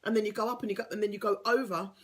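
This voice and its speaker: A woman's voice: mid-range voice, fairly even intonation, racing. A woman giving an earnest, encouraging motivational talk as a life coach, sometimes dropping to a whisper for emphasis.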